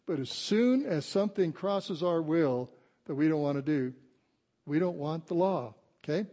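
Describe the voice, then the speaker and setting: Older male pastor, mellow voice. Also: fairly high pitch, lively intonation. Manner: conversational preaching, slows down to stress scripture. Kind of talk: sermon. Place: church sanctuary before a congregation.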